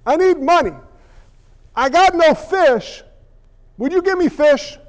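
A man's voice: extremely high pitch, expressive, slow, long reverb tail, pitched above the performer's own voice, heavily acted, poor audio. A man voicing a tired working fisherman who prays for fish and grumbles about preachers. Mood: pleading. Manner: pleading, then jubilant. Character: worn-out male fisherman praying for a catch.

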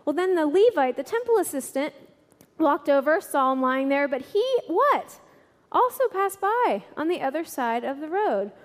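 A woman with a high voice preaches to a congregation and tells stories with animated energy. Her voice rings out with a long reverb in a large hall. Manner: animated storyteller, laughing through funny bits. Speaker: church speaker. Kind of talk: sermon with storytelling.

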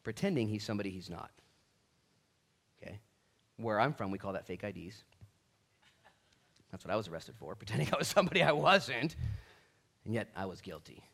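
A man preaching a sermon as a pastor, telling stories and acting out the quoted voices in them, moving from quiet asides to loud, emphatic bursts. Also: lowish voice, very animated, brisk, vocal fry, pauses often. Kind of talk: storytelling sermon.

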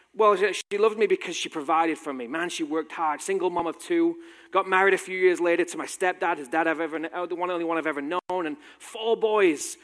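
A man's voice: high voice, fairly bright tone. A man in his thirties with a British accent with a slight American tinge, telling a personal story with wry, self-deprecating humor in a talk. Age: 30s. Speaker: speaker giving a talk. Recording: long hall reverb.

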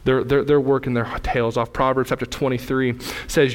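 A man in his thirties preaching a sermon to a church congregation, telling family stories with lively, animated delivery. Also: normal speed, hardly any pauses, in a large hall. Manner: animated storytelling, rising loud and high in anecdotes. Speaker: pastor. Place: church sanctuary.

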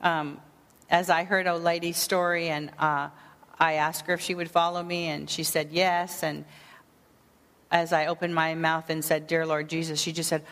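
A woman teaching a sermon on prayer ministry, speaking earnestly and gently with frequent fillers. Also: sits low, little pitch movement, moderate pace, in a large hall.

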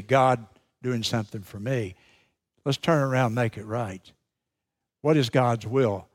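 Male pastor, unhurried sermon delivery, mid-pitched, leans on repetition and pauses. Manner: emphatic preaching with dramatic pauses, repeats key phrases.

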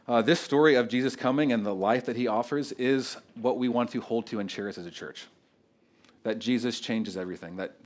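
A man in his thirties preaching a sermon as pastor, talking in a loose, unscripted way with fillers and restarts. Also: on the low side.

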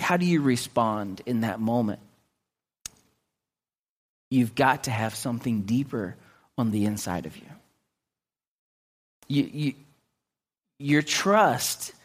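A man preaching a sermon in an earnest way, often restarting his words and clearing his throat. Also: medium pitch. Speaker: pastor.

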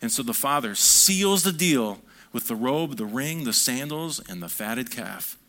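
A man preaching a sermon, reading scripture aloud and acting out the quoted lines with lively swings in his delivery. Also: medium pitch, a little slow. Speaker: pastor.

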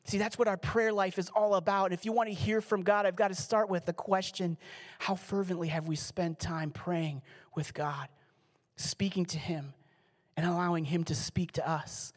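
A man's voice: high voice, fairly even intonation. Earnest male pastor preaching a sermon. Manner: earnest, pleading, slows down and drops to a hush for key lines.

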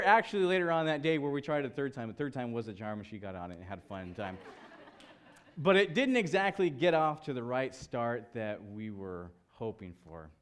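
A man in his thirties preaching a sermon as pastor, telling a story and acting out the people in it. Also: fairly low pitch. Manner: storytelling, animated voices for quoted people.

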